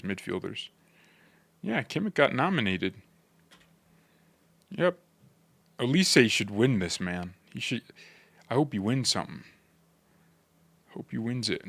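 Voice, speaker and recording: A man hosting a football fan channel, chatting casually to his viewers with joking, slangy, animated reactions. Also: fairly low pitch, no room sound. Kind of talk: casual commentary to chat.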